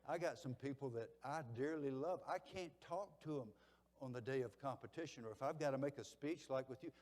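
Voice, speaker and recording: An older man giving a motivational banquet speech, telling folksy stories and swinging between loud and hushed delivery. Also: medium pitch, long reverb tail. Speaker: keynote speaker.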